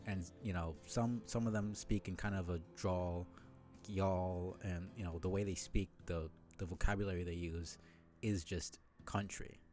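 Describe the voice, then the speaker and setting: A man's voice: sits low, steady tone, moderate pace, darkish tone, soft background music. A man streaming a game live, chatting in a rambling, self-deprecating way with lots of fillers.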